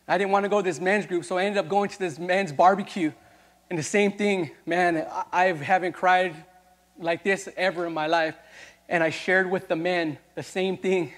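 A male youth pastor giving a personal testimony in a sermon, moving from quiet storytelling to loud, impassioned preaching that calls out to the congregation. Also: high-pitched, fairly even intonation, moderate pace, in a large hall.

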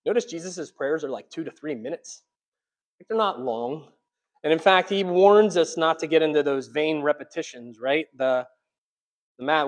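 A man preaching a sermon as pastor, conversational, swinging between quiet asides and loud emphatic peaks. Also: fairly high pitch, animated, moderate pace. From United States. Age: adult, childhood long past.

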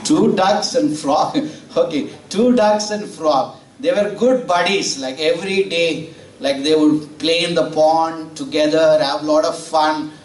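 In a church sanctuary, a man with a fairly high, slightly mellow voice preaches unhurriedly, telling stories and putting questions to the congregation in a conversational way. The audio is roomy and recorded from far off.

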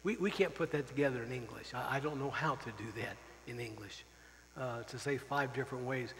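A man's voice: medium pitch, a little fast, fairly bright tone. Man, missionary preacher, farewell sermon, earnest, emotional, long church reverb, faint hum. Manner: earnest, openly emotional, repeats phrases for emphasis. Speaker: missionary pastor. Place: church sanctuary.

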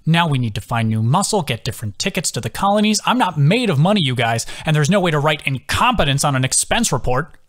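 A man voicing an anxious young male team leader who rants, grumbles and half-yells, in an audiobook. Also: medium pitch, animated, fast, lightly acted. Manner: frantic, grumbling, yelling.

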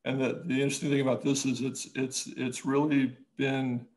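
A man, an architect, talking casually in an interview, halting with many restarts and growing lively when he tells a story. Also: medium pitch, low-quality recording. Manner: halting, many restarts and fillers, animated when telling stories.

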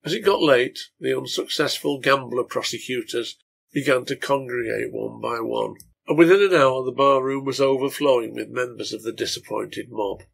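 A man reading a novel aloud in a steady storytelling manner. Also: mid-range voice, normal speed, vocal fry, breathy edge. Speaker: reader of a translated serial novel.

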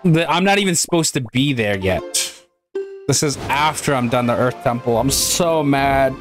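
A man's voice: medium pitch, expressive, normal speed, over music. A man giving gameplay commentary, exasperated, swearing and laughing at himself as he plays. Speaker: gaming channel host.

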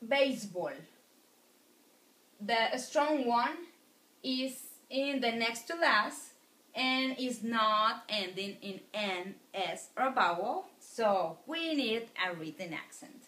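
A woman teaching a language lecture in a slow, unhurried way, repeating each word so students can follow. Her voice is bright and a little high, and it echoes around the room. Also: expressive. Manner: patient, repeats words for students. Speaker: Spanish teacher. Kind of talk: recorded classroom lecture.

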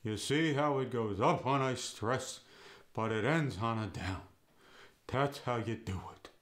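An actor playing a grumpy middle-aged man with a Yiddish accent, demonstrating the accent with a slow, drawling, lilting delivery. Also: medium pitch, fairly bright tone, natural voice. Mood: demonstrative. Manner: slow and drawling, with a rising then falling lilt.

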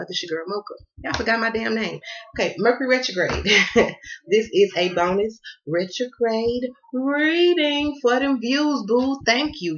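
A woman's voice: mid-range voice, muffled recording. A woman from the Southern US reading tarot in a casual vlog, playful and slangy, cussing freely and half losing her voice. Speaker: tarot card reader.

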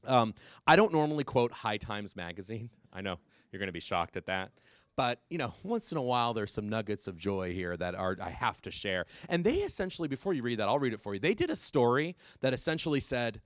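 A man giving a public talk to parents, animated and quick, with many fillers and restarts. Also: mid-range voice, no echo, studio quality. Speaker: drug policy speaker.

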